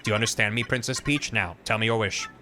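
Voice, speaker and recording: A man voicing a proud male computer who speaks in a stiff, measured, formal way and is puzzled by feelings. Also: fairly low pitch, steady tone, music in the background, voice pushed down, close to an everyday voice. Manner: stiff, measured robotic delivery.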